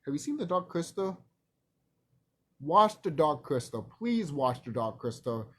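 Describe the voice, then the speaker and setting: Guy ranting on his vlog, lively up-and-down voice, a bit breathy, swears a lot. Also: fairly high pitch, measured pace. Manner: profane, emphatic, repeats himself, laughs often. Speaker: vlogger. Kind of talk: casual rambling monologue.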